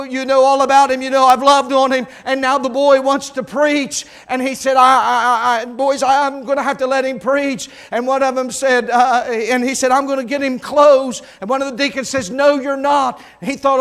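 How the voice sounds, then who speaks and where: A man preaching a revival sermon, telling a story that builds from quiet narration to shouted preaching. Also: very high voice, clear, resonant tone. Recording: church service recording.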